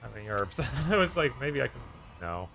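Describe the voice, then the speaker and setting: Gravelly, bright-voiced male co-streamer. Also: medium pitch, big pitch swings, normal speed, soft background music. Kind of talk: casual gaming stream chat.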